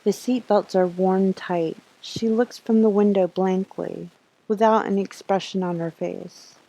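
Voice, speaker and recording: Slow, mellow-voiced woman streamer. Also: mid-range voice, fairly even intonation, creaky, rough recording. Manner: reads the text slowly, with asides and laughs. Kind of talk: reading a game aloud live.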